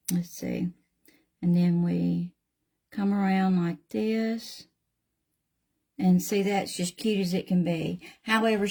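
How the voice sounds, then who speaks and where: A woman's voice: on the low side, creaky, warm tone. An older woman with a Southern US accent, casually chatting through a painting demonstration in a folksy way and addressing viewers by name. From Southern United States. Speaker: craft channel host.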